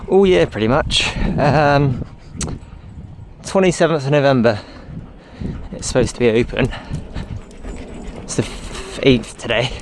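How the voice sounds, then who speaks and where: Chatty man vlogging outdoors. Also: mid-range voice. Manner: rambling, chatty, talks to his dog. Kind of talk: casual walking vlog. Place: outdoors on a roadside walk. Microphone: handheld camera. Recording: noisy outdoor recording. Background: outdoor noise, dog.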